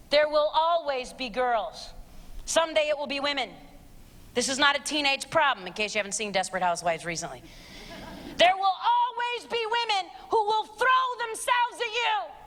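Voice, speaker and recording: A middle-aged woman giving a blunt, sarcastic live talk to teens and parents, her voice jumping high when she exclaims. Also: fairly bright tone. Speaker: speaker. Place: church auditorium. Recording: long reverb of a large hall.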